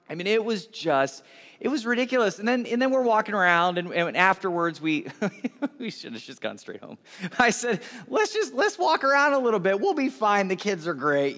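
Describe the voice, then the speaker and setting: Middle-aged guy preaching, high bright voice, chatty rambling stories, big hall echo. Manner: chatty, rambling anecdotes with restarts. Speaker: pastor. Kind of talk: conversational sermon storytelling. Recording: reverberant hall.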